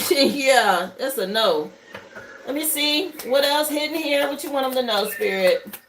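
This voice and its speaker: A woman with a high, slightly bright voice speaks without hurry over a rough recording carrying a faint hiss or hum. She's a tarot reader hosting a casual live stream from her home setup, incense burning, chatting with viewers as she greets them and thinks out loud over the cards.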